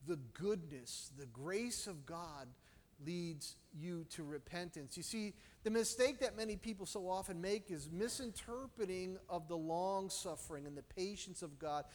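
High-voiced preacher man in a reverberant hall. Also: a little slow. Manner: storytelling preacher, swings from loud to hushed. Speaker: pastor. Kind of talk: sermon.

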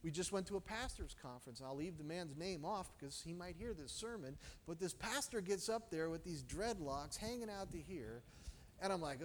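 Male preacher with a high voice, storytelling sermon with sharp swings in loudness, in a reverberant hall. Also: a little hiss or hum. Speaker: pastor.

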